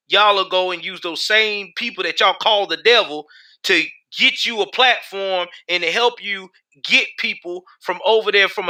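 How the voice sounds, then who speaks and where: Fired-up guy ranting on his live stream, cussing a lot, bright sharp voice, pitched kinda high. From United States. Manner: heated, profane, talks back to chat. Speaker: livestream host. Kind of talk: casual live-stream commentary.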